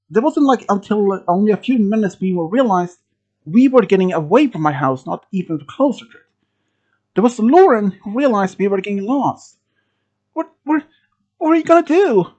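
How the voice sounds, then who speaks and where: A storyteller from Sweden telling a first-person horror story, halting, with restarts and phrasing. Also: medium pitch, a little mellow, muffled recording. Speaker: channel host telling a story.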